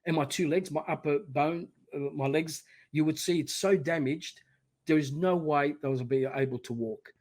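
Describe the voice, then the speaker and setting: Middle-aged guy on a podcast telling his story, fairly high voice, punchy and animated. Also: normal speed. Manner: emphatic, animated storyteller, often quoting himself. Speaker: podcast guest. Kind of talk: personal storytelling in conversation.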